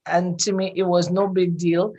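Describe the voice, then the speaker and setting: A woman telling personal stories on a radio show, lively and acting out the voices of people she quotes. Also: fairly low pitch, normal speed. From grew up outside Canada.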